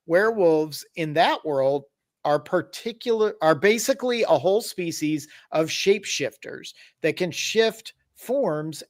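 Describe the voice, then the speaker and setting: Higher-voiced man telling stories casually. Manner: explains game rules with wry asides. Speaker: podcast host. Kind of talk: casual storytelling.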